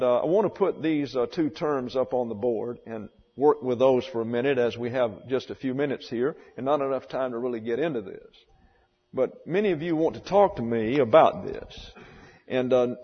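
A man teaching a Bible class, deliberately spelling out and pronouncing terms for his students. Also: mid-range voice. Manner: deliberate, spells out words slowly. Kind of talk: classroom lecture. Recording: dull lo-fi sound in a reverberant hall.

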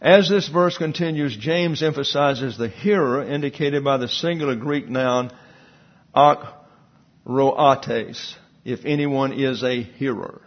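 Husky man preaching a sermon. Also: medium pitch, slow, dull audio. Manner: teaching with asides and rhetorical questions. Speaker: pastor.

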